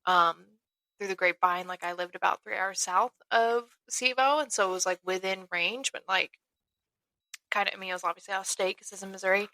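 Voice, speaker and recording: A woman's voice: medium pitch, fairly even intonation, a little fast, bright, forceful tone, no echo. A young woman from Arkansas, a podcast guest, chatting in an easygoing way with many ums. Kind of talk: casual chat.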